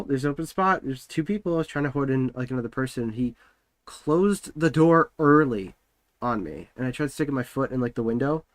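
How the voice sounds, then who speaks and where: A man's voice: a little high, fairly bright tone, no room sound. A young man streaming from home, chatting casually and rambling with lots of filler words while he works.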